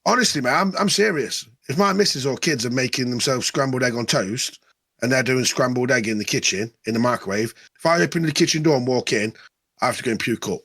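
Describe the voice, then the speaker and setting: A man co-hosting a podcast, his voice rough with fry and slightly husky. He swears freely and laughs his way through crude stories, talking in a middle register. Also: medium pitch, fast, pushed and bright, no echo. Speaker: podcast co-host. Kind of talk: casual chat with crude anecdotes.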